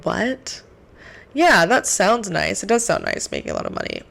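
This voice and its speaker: Young woman with a low, gravelly voice for an earnest, casual faith vlog. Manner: earnest, animated, lots of "like". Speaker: faith vlogger. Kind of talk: casual faith talk to camera.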